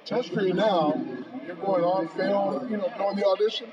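A man in his fifties, a podcast guest, telling a long anecdote with lively acted-out dialogue and frequent "bro.". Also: high-pitched, moderate pace, a loud crowd. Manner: lively storyteller acting out both sides of phone calls, says "bro" often. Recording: distant, dull and noisy.

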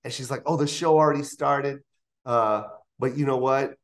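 A comedian in his fifties, appearing as a guest in an interview studio, tells animated stories and acts out other people's voices in his anecdotes. His voice is medium-pitched and his pace moderate.

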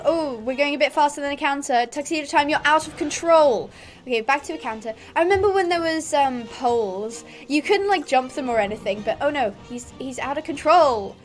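A woman rambles through casual let's-play commentary for her channel. Her voice is high and light. She chats and giggles as she talks. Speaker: gaming YouTuber.

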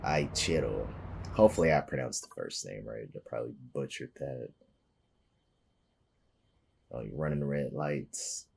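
A man with an extremely low, deep voice chats through a police game, tossing out joking, wry remarks about what he sees. His tone is casual and conversational. Clear background noise runs under the recording. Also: a little slow, long pauses. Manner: joking, wry running commentary. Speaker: gameplay commentator.

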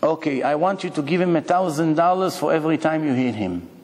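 A man voicing a fair-minded king from a parable, handing down a verdict in brisk, commanding phrases. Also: fairly high pitch, animated, a little mellow, lightly acted. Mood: stern. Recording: long hall reverb.

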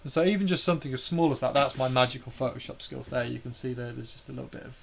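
A man's voice: mid-range voice, fairly even intonation, very fast, vocal fry, a little hiss or hum. A man hosting a live stream, explaining slides in a hesitant way with many fillers and restarts.

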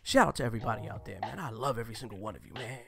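A man hosting a live stream, ranting crudely and preachily, swinging between shouting and whispering. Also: fairly low pitch, rapid-fire, vocal fry, a crowd in the background.

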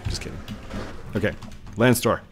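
A man's voice: fairly low pitch, normal speed, faint music behind. A man giving casual let's play commentary as a gaming YouTuber, goofy and playful, talking to his viewers.

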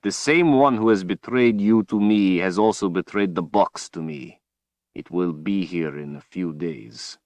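A man voicing a cruel, menacing male tyrant wizard in an audiobook, speaking slowly and tauntingly. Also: low voice, darkish tone, dry recording. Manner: slow, taunting, drawn-out delivery. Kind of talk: audiobook character voice.

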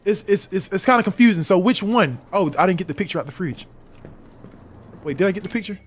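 A man's voice: high voice, lively intonation, fast talker. A young man streaming a game live, commenting in an exasperated, profane way and repeating himself. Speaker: gaming streamer.

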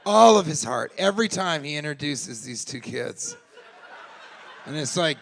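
A man doing improvised stand-up crowd work, teasing people in the audience, laughing often and shouting out punchlines. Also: on the high side, lively intonation, measured pace, gravelly, a little hiss or hum. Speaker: stand-up comedian. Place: live comedy club.

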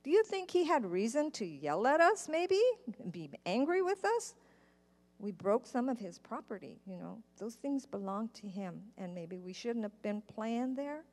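A woman's voice: a little high, big pitch swings, moderate pace, a little mellow. A woman telling a story to children in church, speaking patiently and asking her listeners questions. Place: church sanctuary. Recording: church live stream with long hall reverb.

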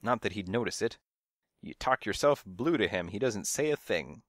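A man's voice: fairly low pitch, animated, normal speed, dry recording, clean studio sound, close to an everyday voice. Guy doing a nosy old lady at her window, fussy and half deaf, bouncy up and down voice. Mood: gossipy. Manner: fussy, scolding, hard of hearing.

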